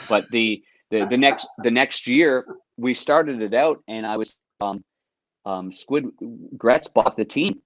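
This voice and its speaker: A middle-aged man, a former hockey goalie, telling lively anecdotes on a podcast and acting out quotes. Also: fairly low pitch, no room sound. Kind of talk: casual storytelling.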